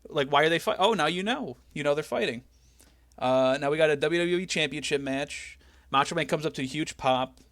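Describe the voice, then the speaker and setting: A man hosting a podcast, excitedly recapping and telling the story in casual chat. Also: fairly high pitch, a little fast, dry recording. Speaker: podcast host.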